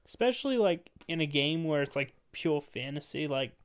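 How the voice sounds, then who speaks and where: A man's voice: a little high, expressive, normal speed. Casual, swearing young man. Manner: loose, swears a lot. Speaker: podcast co-host. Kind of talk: casual chat.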